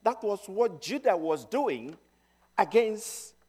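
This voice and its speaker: A middle-aged man preaching a sermon, telling stories with emphasis and swinging between loud and hushed. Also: sits high, big pitch swings, takes it slowly, breathy edge.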